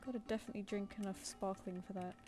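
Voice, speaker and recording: A woman's voice: mid-range voice, steady tone, rapid-fire, music in the background. A woman with a British accent chatting casually with viewers while she works on a live stream, rambling with lots of fillers. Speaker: streaming artist.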